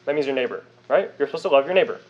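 A man's voice: medium pitch, lively intonation, very fast, highs cut off. A young man preaching a sermon, emphatic and conversational, with frequent rhetorical questions. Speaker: pastor.

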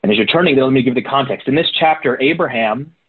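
A man's voice: medium pitch, quick pace, slightly rough. Conversational preacher man on a tinny line. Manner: conversational, addresses listeners directly. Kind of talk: sermon. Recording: tinny phone-like recording.

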